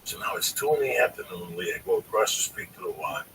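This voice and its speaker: A man telling a long, profane, animated story on a podcast, often calling his listener by name. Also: sits low, fast, creaky, distant mic, a little hiss or hum, poor audio. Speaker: storyteller guest.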